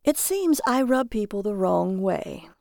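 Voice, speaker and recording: A woman's voice: mid-range voice, sing-song, unhurried, gravelly, a little mellow, dry recording, clean studio sound. A woman voicing a weary, puzzled male stranger who speaks politely with a sarcastic edge.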